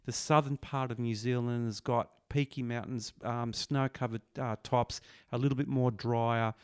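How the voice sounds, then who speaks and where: A man chatting on a radio show, his voice smooth and clear. The sound is dry and close to the microphone, with no room around it. He rambles through his stories with lots of fillers. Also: mid-range voice, steady tone, normal speed, dry recording. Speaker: radio guest, fishing talk. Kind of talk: casual radio chat. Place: radio studio. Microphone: studio microphone.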